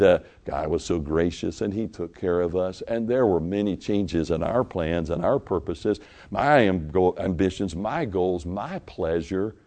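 A middle-aged man preaching a sermon, swinging from loud emphatic stretches to quiet asides. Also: lowish voice, gravelly. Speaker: pastor.

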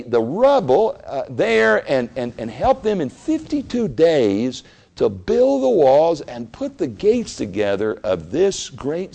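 A man preaching a sermon in an animated way, rising into emphatic bursts and often restarting his phrases. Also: mid-range voice, gravelly, husky.

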